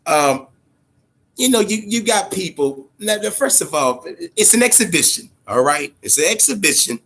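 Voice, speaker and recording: A man hosting a boxing talk show, giving casual, profane commentary in an animated way, often repeating words and tagging on "man" and "all right?". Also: high-pitched, normal speed, slightly rough. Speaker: boxing podcast host.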